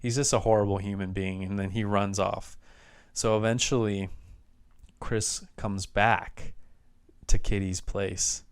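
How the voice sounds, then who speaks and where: Male film reviewer, low smooth voice, loose rambling plot recap. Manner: rambling plot recap with frequent restarts and fillers. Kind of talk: casual spoken movie review.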